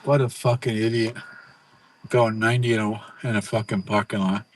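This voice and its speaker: A man's voice: lowish voice, flat delivery, moderate pace, a little hiss or hum. A man in a played clip giving a crude, profane, rambling rant, repeating himself and stumbling over words.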